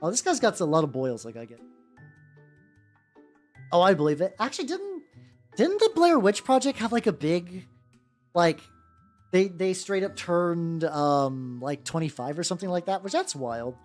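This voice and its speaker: Rambling casually on a miniature painting livestream, a woman restarts often and swears now and then. Her lowish, darkish voice is sing-song, at a moderate pace with frequent pauses, and faint music plays behind her.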